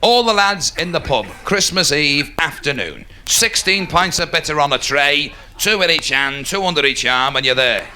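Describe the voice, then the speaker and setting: A man doing a live stand-up comedy routine, telling stories animatedly and dropping into quick put-on voices. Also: a little high, animated, pushed and bright, slight background noise. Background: audience laughter.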